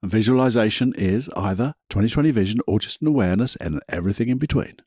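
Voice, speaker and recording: A man, a podcast host talking calmly through a guided visualization to ease anxiety. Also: on the low side, breathy edge, dry recording, clean studio sound. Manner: calm, soothing, slows into gentle guidance.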